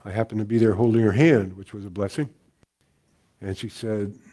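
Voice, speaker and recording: An older man giving a talk as a guest teacher, telling stories in a relaxed way with frequent chuckles. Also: fairly low pitch, moderate pace, pauses often. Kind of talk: storytelling talk.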